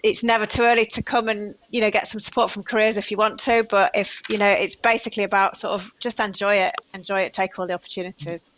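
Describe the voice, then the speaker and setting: A woman's voice: mid-range voice, steady tone, fast talker, few pauses, fairly bright tone, poor audio. A woman guest giving casual advice on an online panel, hedging with fillers like "sort of" and "you know". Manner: hesitant, many fillers like "sort of".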